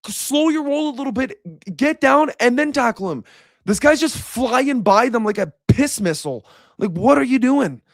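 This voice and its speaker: A man's voice: sits high, no room sound, clean studio sound. A young man giving a casual, frustrated reaction rant as a sports commentator, repeating himself as he vents.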